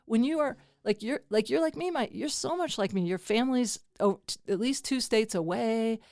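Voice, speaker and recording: A woman's voice: on the high side, moderate pace, vocal fry, a little mellow, no room sound. Woman host, casual chat, rambling, lots of restarts, dry mic. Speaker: podcast host. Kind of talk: casual conversation.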